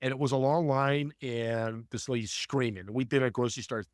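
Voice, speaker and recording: A man guest telling animated stories in an interview, acting out voices as he speaks. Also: mid-range voice, fairly quick, no room sound, clean studio sound. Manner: animated, acts out voices in anecdotes. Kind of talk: storytelling interview talk.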